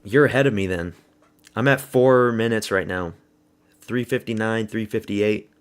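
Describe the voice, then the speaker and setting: This man's voice runs lowish with a clean tone at a moderate pace as he streams a fight watch party. He talks casually, answers viewers, calls the action, and swears a lot.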